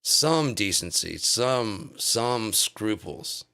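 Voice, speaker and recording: A man's voice: lowish voice, very animated, extremely slow, gravelly, sharp tone. A man on a live stream delivering an angry, profane political rant full of insults.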